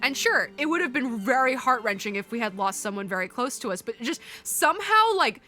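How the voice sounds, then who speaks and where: A woman's voice: on the high side, very animated, a little fast, bright, forceful tone, soft background music. A woman streamer crying and stuffed up, exclaiming and laughing through tears as she reacts live to a game ending.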